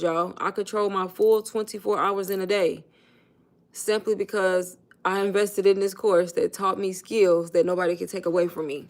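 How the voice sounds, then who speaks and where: A woman chatting casually on a phone livestream, coaching her viewers and calling them "y'all" in loose, informal speech. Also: mid-range voice. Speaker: online business coach.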